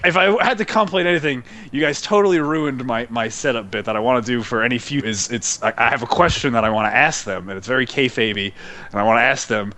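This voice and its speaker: A man co-hosting a casual podcast, playful and excitable in his banter. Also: mid-range voice. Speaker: podcast co-host.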